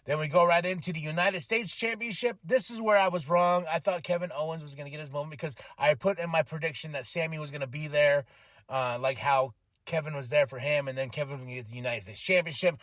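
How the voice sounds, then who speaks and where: A man hosting a podcast, giving an excited, emotional casual recap of a wrestling show. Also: on the high side, fast talker, dry recording. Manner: excited, emotional, animated retelling with laughs. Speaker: podcast host.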